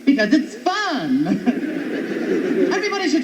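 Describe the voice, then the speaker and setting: A man doing a stand-up routine on an outdoor stage, animated and chatty with the crowd. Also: very high-pitched, moderate pace, long pauses. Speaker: stand-up comedian. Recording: muffled live recording with background noise.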